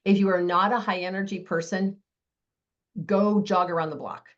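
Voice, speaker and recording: A woman giving a live online sales training, talking fast with a lot of energy over a video call. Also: medium pitch, steady tone, dull audio.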